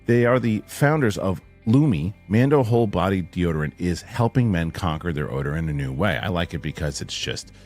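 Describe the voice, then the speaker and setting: A middle-aged man hosting a casual podcast, rambling and animated, often repeating his words as he reads sponsor spots and tells stories. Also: low-pitched, fairly quick, hardly any pauses, soft background music. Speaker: show host.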